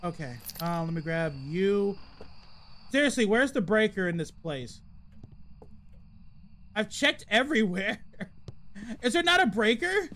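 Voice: mid-range voice, big pitch swings, measured pace, pauses often, a bit bright. A game streamer talking through a live ghost-hunting session, chatty and exasperated, mock-cursing at the game and chatting with viewers. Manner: chats with viewers in the live chat. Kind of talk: live gameplay commentary.

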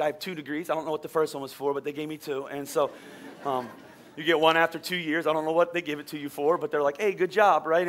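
High, bright-voiced man preaching. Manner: energetic, swings from loud preaching to quiet asides; repeats words, stumbles and restarts. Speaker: pastor. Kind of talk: sermon.

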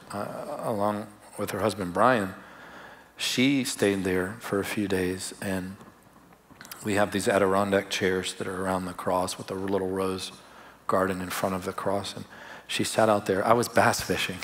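Man preaching in a relaxed storytelling tone. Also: on the low side. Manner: conversational, warm storytelling with laughs. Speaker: pastor. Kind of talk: sermon storytelling. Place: church service.

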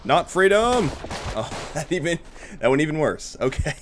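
A man giving excitable, profane gameplay commentary, shouting battle cries while he plays. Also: fairly high pitch, moderate pace, slight background noise. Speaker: gaming YouTuber. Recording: game music and gunfire behind. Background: game music and gunfire.

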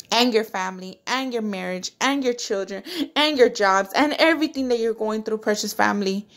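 A woman giving an impassioned, prayerful devotional talk to her online followers, repeating her phrases and tenderly calling them precious family. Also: medium pitch. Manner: fervent, repetitive, prayerful. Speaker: online faith vlogger.

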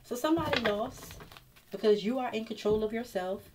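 A woman's voice: fairly high pitch, a little fast, noisy background. A woman reading tarot cards straight to the viewer in a casual, blunt and profane way. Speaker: tarot reader.

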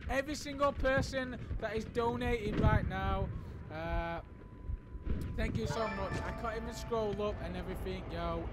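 A young man streaming a video game live, excitedly and breathlessly thanking viewers while laughing between lines. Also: high voice. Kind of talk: live gameplay stream talk. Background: loud game music and gunfire.

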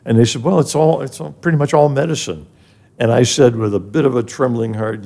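Older male guest, gravelly, mellow tone; earnest personal storyteller. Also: medium pitch, brisk. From grew up in an African village. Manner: earnest and emotional, rising when moved. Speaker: guest, charity president emeritus. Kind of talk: personal storytelling in a podcast interview.

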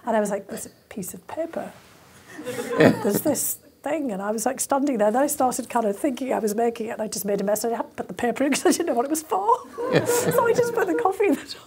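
A woman in her fifties from England, telling animated stories as an interview guest, laughing often and using many fillers. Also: a little high, fast, noisy background. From County Durham, northern England. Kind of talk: conversational interview storytelling.

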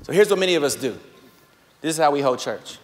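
A man preaching an energetic sermon as a pastor, shouting at peaks, then dropping to a quiet, conversational tone. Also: a little high, quick pace. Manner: animated, shouts and laughs, swings from loud to quiet. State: out of breath. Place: large church hall. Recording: long hall reverb, faint room ambience.

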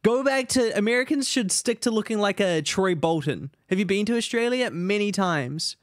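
A man streaming a game, rambling in animated casual commentary and talking to his chat. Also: high-pitched, normal speed, no echo, clean studio sound.

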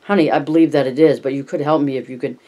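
Frantic, determined mother pleading under strain, voiced lightly by a man reading an audiobook. Near his own voice, slightly higher and pushed. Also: fairly even intonation, fast, mellow, natural voice. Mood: urgent. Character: anxious determined mother, woman.

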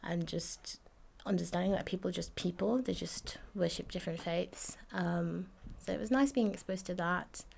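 A woman's voice: on the low side, normal speed, vocal fry, a little mellow, a little hiss or hum. A woman in her twenties from Jamaica, recalling her childhood in a chatty interview, full of fillers and laughs. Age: 20s. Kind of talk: casual recollection.

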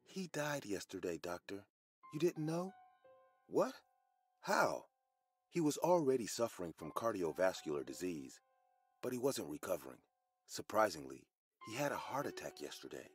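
A matter-of-fact hospital nurse in an animated horror tale, voiced by a man in his own husky, low register. She states things plainly, with a lively swing in pitch. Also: normal speed, long pauses, faint music behind.

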